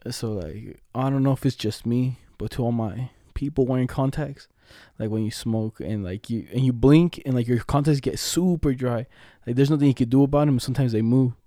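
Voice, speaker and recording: A man's voice: medium pitch, normal speed, mellow, no echo, studio quality. A young man co-hosting a casual chat, telling stories in a laid-back, slangy way with frequent laughter. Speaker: podcast co-host.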